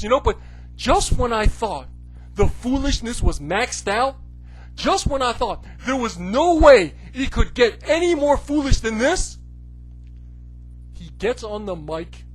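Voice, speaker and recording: Brief: male commentary host, sarcastic, animated, very lively intonation. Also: very high voice, unhurried, soft background music, poor audio. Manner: animated, sarcastic, full of "you know, like". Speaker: wrestling commentary video host. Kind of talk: comedic rant.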